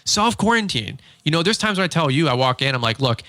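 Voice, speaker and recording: Bright-voiced man chatting casually, dry sound. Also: fairly high pitch, lively intonation, racing, no echo. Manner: rambling, joking, laughs often. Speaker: podcast co-host. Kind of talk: casual business chat.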